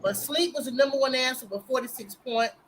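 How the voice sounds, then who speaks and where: A woman's voice: sits high, a little fast, crowd noise, poor audio. A woman hosting a live online game show chat, laughing through her stories. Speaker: host.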